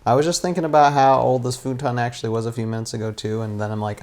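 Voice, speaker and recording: A man's voice: fairly low pitch, fairly even intonation, quick pace, hardly any pauses, darkish tone. A man, a guest and stop-motion animator, chatting casually indoors, rambling with lots of restarts and little rants. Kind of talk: casual chat. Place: indoors, sitting on a futon.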